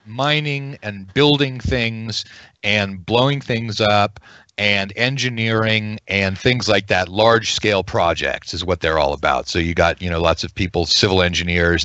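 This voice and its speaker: A man running a tabletop game as game master, rambling and pausing with many ums as he explains the setting over a video call. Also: lowish voice, a bit bright, dry recording, highs cut off. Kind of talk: narrating a tabletop game session.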